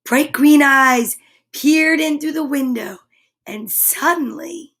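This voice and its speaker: High-voiced, slow storytelling woman. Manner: expressive, dramatic, with hushed and breathy moments. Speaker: comedian and storyteller. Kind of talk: reading a picture book aloud.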